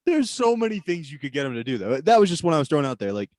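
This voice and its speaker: A man guesting on a comedy podcast, telling a prank idea in a deadpan way over a video call. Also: on the high side, rapid-fire, dry recording. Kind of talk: casual chat.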